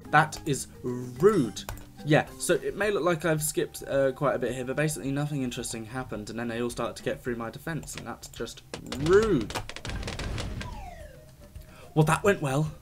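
Excitable young gamer guy. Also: medium pitch, fast talker, hardly any pauses, soft background music. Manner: excitable, jokey, talks to the game. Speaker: gaming YouTuber. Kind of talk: casual let's-play commentary.

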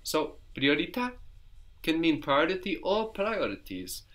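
A man teaching in a recorded language lesson, patiently explaining and slowly repeating each answer. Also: fairly high pitch, big pitch swings, a bit bright.

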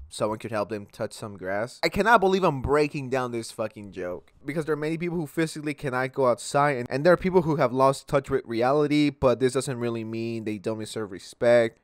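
A man's voice: medium pitch, dry recording, studio quality. A young man giving sarcastic, profane reaction commentary on social media posts, mocking and exasperated as he rants. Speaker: commentary YouTuber.

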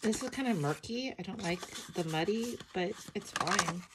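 A middle-aged woman with a sleepy morning voice, chatting softly and emotionally as she flips through her art journal, with many ums. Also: mid-range voice, lively intonation, moderate pace, background noise. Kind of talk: casual flip-through chat.

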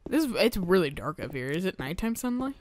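A woman's voice: on the low side, big pitch swings, a little fast, slight background noise. A young woman casually commenting on a horror video game as she plays, joking, laughing and swearing often. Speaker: let's play commentator.

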